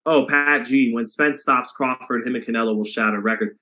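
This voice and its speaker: A man's voice: medium pitch, fairly quick, sharp tone. A man hosting a boxing live stream, chatting casually with viewers and reading their comments aloud, with some swearing.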